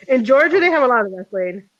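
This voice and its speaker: A woman's voice: sits high, very animated, moderate pace, dull audio. A woman hosting a podcast in casual chat, rambling with lots of ums and restarts and cursing freely. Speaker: podcast host.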